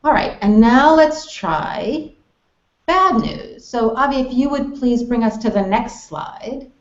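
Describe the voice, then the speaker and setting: An American woman teaching English conversation, explaining clearly and acting out example phrases with exaggerated tone. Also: fairly high pitch, animated, slow pace. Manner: friendly, explanatory, models phrases with exaggerated intonation. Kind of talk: online English lesson hangout. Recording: roomy, dull web call audio.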